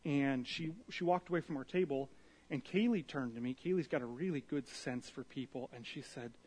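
A man preaching a sermon as pastor, telling the story in an animated way and acting out the quotes. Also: mid-range voice, normal speed, slightly rough.

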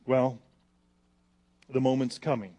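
Pastor, male, animated sermon delivery, booming reads then soft pleas. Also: takes it slowly. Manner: animated, swings from loud reading to hushed pleading.

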